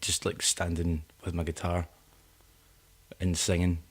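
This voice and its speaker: A man's voice: deep voice, completely flat delivery, unhurried, slightly rough. A Scottish man with a Scottish accent, a singer-songwriter guest chatting casually in a rambling, laid-back way. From Scotland. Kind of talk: casual chat.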